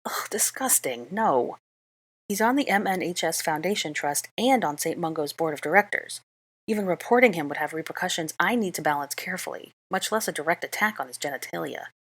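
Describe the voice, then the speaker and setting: A woman reading the part of a clever young witch, speaking briskly with exasperation in an audiobook-style fan reading. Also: on the low side, expressive, fairly bright tone, no room sound. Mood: exasperated.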